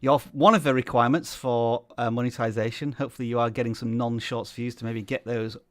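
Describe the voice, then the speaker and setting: A man's voice: mid-range voice, fairly even intonation, fairly quick, a bit bright, no echo. A man co-hosting a livestream, chatty and upbeat. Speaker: co-host reviewing channels. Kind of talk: livestream casual chat.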